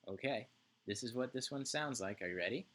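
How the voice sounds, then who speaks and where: A man's voice: mid-range voice, animated, a little fast, a bit bright. A male music teacher giving an online lesson to young children, chanting rhythm syllables and checking in often with "right?".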